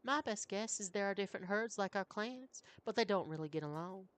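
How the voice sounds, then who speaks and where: A streamer voicing a calm, wise older woman who speaks slowly and carefully. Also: mid-range voice, no room sound, pitched above the performer's own voice, close to an everyday voice. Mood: patient. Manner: slow, careful speech.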